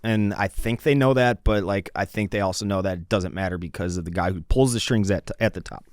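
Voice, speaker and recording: A man's voice: on the low side, a little fast, dry recording, studio quality. A man co-hosting a casual sports podcast, telling long rambling stories and swearing freely. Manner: rambling storyteller, swears a lot. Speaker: podcast co-host.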